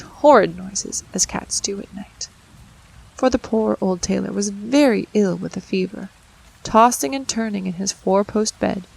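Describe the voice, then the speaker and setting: A woman narrating a classic children's storybook aloud, expressive and ready to act out voices and sounds. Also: medium pitch, gravelly, poor audio. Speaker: audiobook narrator. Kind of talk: storybook reading.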